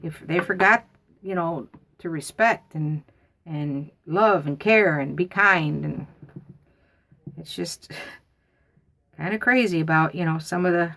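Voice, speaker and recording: A woman's voice: on the low side, slow pace, pauses often, fairly bright tone. A woman, telling a family story in a rambling, folksy way. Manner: rambling, folksy, repeats herself. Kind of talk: casual storytelling.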